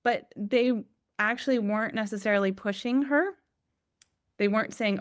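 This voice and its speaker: A mother in her forties, a podcast guest, telling a story with lively acted-out quotes. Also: mid-range voice, normal speed, no echo, clean studio sound. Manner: animated, acts out quotes. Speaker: guest, parent. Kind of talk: casual storytelling.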